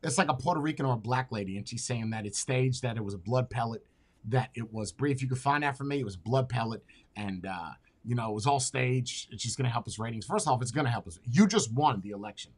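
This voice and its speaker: A man hosting a podcast in casual chat, talking bluntly and excitably with plenty of swearing. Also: mid-range voice, fast talker, breathy edge. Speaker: podcast host.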